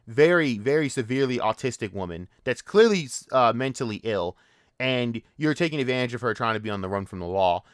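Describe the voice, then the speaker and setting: A man's voice: mid-range voice, fairly bright tone, dry recording, clean studio sound. A man hosting a commentary channel, ranting in a profane, mocking and exasperated way.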